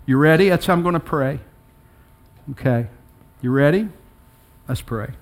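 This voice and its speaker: Animated man preaching a sermon. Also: normal speed. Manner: animated storytelling with acted-out dialogue; pitch leaps high for emphasis. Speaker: pastor.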